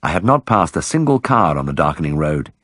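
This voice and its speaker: A man narrating an audiobook in a measured, gently wry storytelling manner. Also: a bass voice, sing-song, no room sound, clean studio sound. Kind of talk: scripted narration.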